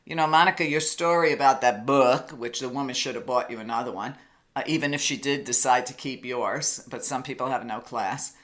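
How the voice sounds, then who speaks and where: A woman hosts a radio talk show, chiming in with short agreements and moving the show along to the break. Her voice has a bright, forceful edge. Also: extremely low pitch, fairly quick. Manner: brief affirming replies, steers to breaks. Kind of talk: casual chat.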